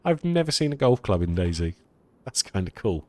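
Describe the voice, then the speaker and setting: A man's voice: fairly low pitch, big pitch swings, moderate pace, darkish tone. A man chatting casually to viewers while playing a survival game, self-deprecating and rambling. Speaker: streamer. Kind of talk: casual gameplay commentary.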